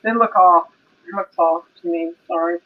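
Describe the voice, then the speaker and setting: A woman's voice: fairly low pitch, normal speed. A woman co-hosting a casual livestream, chiming in with short, chatty replies. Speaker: co-host. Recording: dull lo-fi stream audio.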